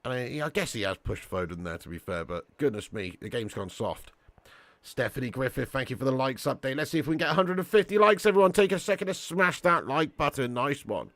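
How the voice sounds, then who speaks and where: Excitable, very animated male football streamer. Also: medium pitch, dry recording. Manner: excitable, slangy, quick to indignant outbursts. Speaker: match watch-along host. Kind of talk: live football commentary and chat reading.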